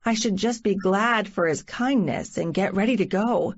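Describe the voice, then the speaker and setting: A woman narrating a first-person romance audiobook in a measured inner-monologue style. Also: medium pitch. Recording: muffled lo-fi recording.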